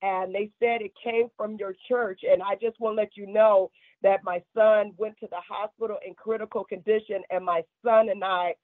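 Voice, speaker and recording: Over a phone-like remote line, a woman pastor tells an interviewer about calls for help, speaking with heart and quoting callers at length in emotional testimony. Her voice is mid-range with fairly even intonation and a moderate pace, with no room sound.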